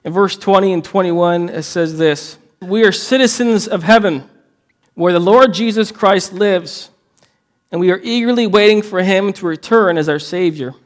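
A man's voice: high-pitched, normal speed. A man preaching a sermon, earnest and emphatic, often restarting his phrases. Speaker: pastor.

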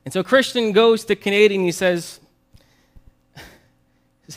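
A man preaches with a fairly high voice, telling a story in an animated way. He often doubles back on his words and then reads scripture aloud. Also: a little slow. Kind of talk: sermon storytelling.

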